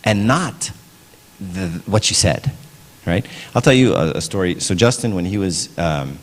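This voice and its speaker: A man's voice: low-pitched, expressive, a little slow. A middle-aged man giving a casual parenting talk at church, conversational, often asking "right?". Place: church hall. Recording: long hall reverb.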